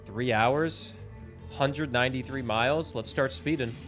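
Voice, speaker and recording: Game music fills the background as a Canadian streamer, a young man, talks through his gameplay at home in an unhurried, mid-range voice, chatting and cracking jokes.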